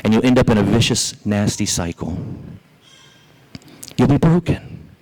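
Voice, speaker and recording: A male pastor with a Southern US accent preaching a sermon, telling a story in an animated way and speaking directly to the congregation. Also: lowish voice, measured pace, low-quality recording.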